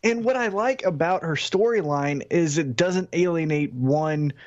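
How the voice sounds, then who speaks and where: A man co-hosting a casual wrestling podcast, speaking in a measured, deliberate way. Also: a little high. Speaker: podcast co-host. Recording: dull lo-fi audio.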